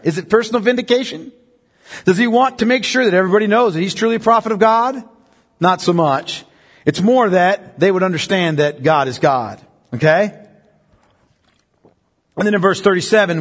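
A male preacher with a high voice teaches through a passage of scripture. He reads the verses slowly and solemnly, then breaks them down in a conversational tone, asking the listeners rhetorical questions. His voice rings with the long reverb of a large church hall. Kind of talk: expository sermon.

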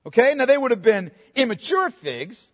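A man's voice: extremely high pitch, sing-song, moderate pace. A male pastor preaching a sermon in a church, with a conversational manner and frequent "okay?" check-ins to the congregation. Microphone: microphone. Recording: long hall reverb.

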